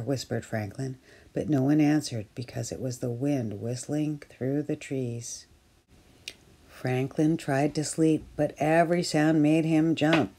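Woman reading a kids picture book out loud, slow and warm, gentle storytime voice. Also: rumbling low, breathy edge. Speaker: storytime reader at early years centre.

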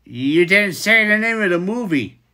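Bright lively woman live-stream host. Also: mid-range voice, normal speed. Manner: reads out chat and reacts with exasperated exclamations. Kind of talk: casual live-stream chat.

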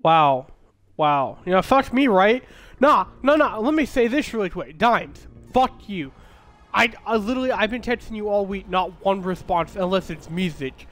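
A high-pitched young man streams a shooter game live, furious and foul-mouthed as he rants at his team. His nose is stuffed up and his throat is sore. Faint music plays behind him. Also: animated, moderate pace, fairly bright tone. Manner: angry, swearing, ranting at teammates. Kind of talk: live gameplay commentary.

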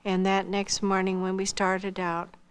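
An older woman from Iowa, a missionary earnestly telling her life testimony, acting out dialogue and dropping softly toward a whisper at tender moments. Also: medium pitch, completely flat delivery, measured pace, clean tone. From Iowa, United States. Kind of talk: personal testimony storytelling.

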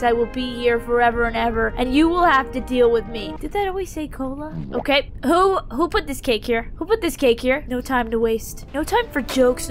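High-pitched woman gaming with dramatic outbursts. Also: a bit bright. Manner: dramatic, jokey, shrieking when startled. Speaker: gaming YouTuber. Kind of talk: let's play commentary.

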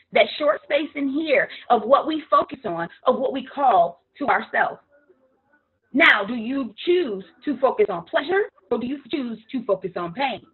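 High-pitched woman coach on tinny audio. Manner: animated, emphatic, acts out dialogue with rising and falling intensity. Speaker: life coach. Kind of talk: motivational talk.

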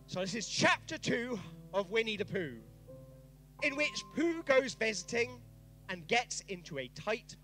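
A man with a high, bright voice reads a story aloud with playful, hammy flair, his pitch swooping all over the place. He ad-libs and jokes between sentences like a stage performer. Faint music plays behind him. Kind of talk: improvised comic story reading. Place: festival stage.

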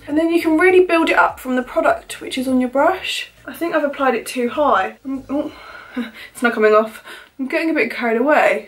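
Woman, beauty vlogger, casual chat to camera, high-pitched, excitable, gushing. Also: fairly quick, soft background music.

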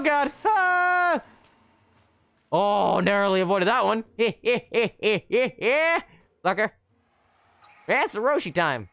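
Excitable man streaming gameplay. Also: dry recording. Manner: excitable, chatty, sudden high squeals. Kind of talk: live gameplay commentary.

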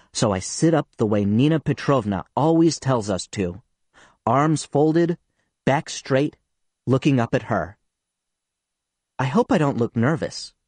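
A man reading an audiobook in the first person, his pitch moving in a lively, expressive way. He tells the story in an earnest, boyish manner. The recording is dry and close, with no room sound. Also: slightly rough, dry recording. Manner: earnest, reads as a schoolboy telling his story. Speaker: audiobook narrator.

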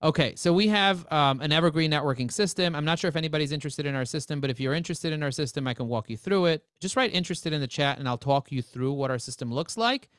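A man presenting a live webinar, talking in energetic, joking sales patter. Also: a little high, quick pace, hardly any pauses, dry recording, studio quality.

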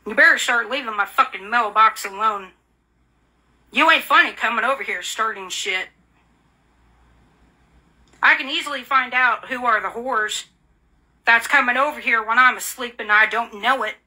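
A woman's voice: a little high, moderate pace, long pauses, bright, forceful tone. Furious, profane woman ranting. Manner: furious, profane, repetitive insults; bitter, accusing. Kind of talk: angry rant.

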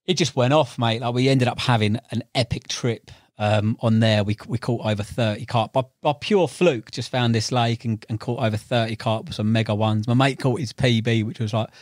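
Young bloke, podcast guest, chatty storyteller, animated, dry close mic. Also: male voice, mid-range voice, moderate pace, hardly any pauses, no echo. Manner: animated, laughs while telling stories, acts out voices. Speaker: podcast guest, tackle shop owner and angler. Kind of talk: casual storytelling chat.

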